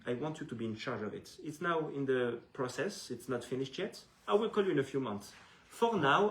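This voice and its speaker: A man's voice: fairly high pitch, close to an everyday voice. A man voicing a kindly rich nobleman. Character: rich generous male nobleman, kindly and grateful. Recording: echoey room.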